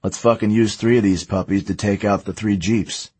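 A man doing Locks, gruff eager soldier. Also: on the low side, steady tone, normal speed, a little mellow, no room sound. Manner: blunt, gruff remarks.

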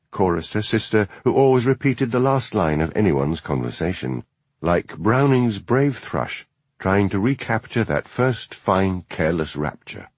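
Husky, expressive male audiobook narrator. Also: deep voice, no echo. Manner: measured, expressive reading. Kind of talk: scripted narration.

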